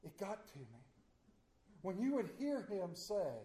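A man preaching a sermon as pastor, telling folksy stories with emphatic swings in volume and pitch. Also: big pitch swings, unhurried, pauses often, warm tone. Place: church sanctuary. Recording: echoey church sanctuary.

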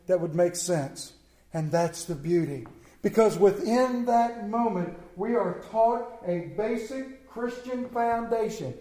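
Folksy high-voiced man preaching a sermon. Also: mellow. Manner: emphatic, with rhetorical questions and repeated phrases; folksy, plain-spoken asides. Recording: echoey room.

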